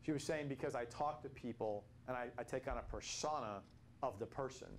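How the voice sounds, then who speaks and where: A man's voice: mid-range voice, a little fast, slight background noise. An older man leading a casual Bible study reflection, telling stories in a rambling way with many restarts.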